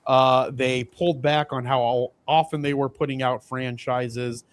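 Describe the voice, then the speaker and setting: A man's voice: mid-range voice, fairly even intonation, a little slow. A man co-hosting a casual livestreamed podcast, rambling with frequent restarts and asides. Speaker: podcast co-host.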